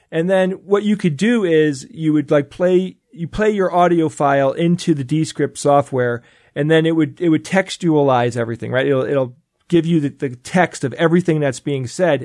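A man with a slightly high voice chats eagerly on a podcast panel, often restarting his sentences as he explains. The recording is dry and close, with no room sound. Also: a little mellow, no echo. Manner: enthusiastic, explanatory, frequent restarts. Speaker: podcast co-host. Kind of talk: casual panel chat.

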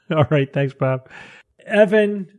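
A man hosting a casual science chat, briskly handing the talk to the next co-host. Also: on the high side, animated, darkish tone. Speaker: podcast host.

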